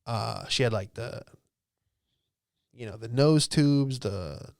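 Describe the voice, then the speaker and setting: A podcast host in his late twenties from Virginia speaks in a relaxed, rambling storytelling manner, dropping casual curses and "dude" throughout. His voice is smooth and clear, at an ordinary pitch for a man, recorded close and dry with no room sound. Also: slow pace, no room sound. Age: late 20s. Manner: laid-back, swears freely, peppered with "dude" and "like".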